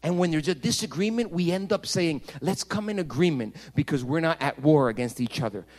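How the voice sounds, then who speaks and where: A male pastor preaching a sermon, swinging between loud emphatic passages and hushed, intimate ones. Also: a little high, brisk.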